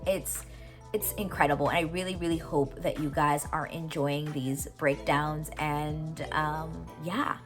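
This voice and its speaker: A woman's voice: low-pitched, fairly even intonation, measured pace, over music. A woman hosting a podcast, casually recapping a TV episode, gushing and teary as she retells its scenes. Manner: emotional, gushing, retells scenes with quoted lines.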